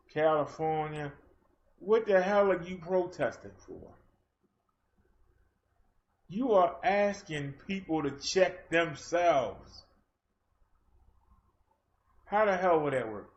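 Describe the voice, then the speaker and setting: Male livestream host, fired-up confrontational rant, higher-pitched, muffled lo-fi sound. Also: slow pace, long pauses. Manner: fiery, confrontational, challenges his chat. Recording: dull lo-fi stream audio.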